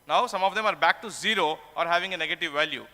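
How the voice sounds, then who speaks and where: A man's voice: sits high, quick pace, sharp tone, long reverb tail. A man giving a conference lecture, explaining terms and posing questions to himself before answering them. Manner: explanatory, asks and answers his own questions. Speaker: tax conference speaker. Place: conference hall.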